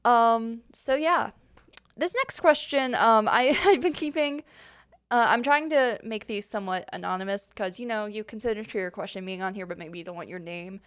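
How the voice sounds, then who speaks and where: Young woman, podcast host, loose chatty Q&A delivery, smooth clear voice. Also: on the high side, normal speed, a bit bright. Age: young adult. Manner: chatty, rambling, many fillers and giggles. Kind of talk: casual Q&A chat.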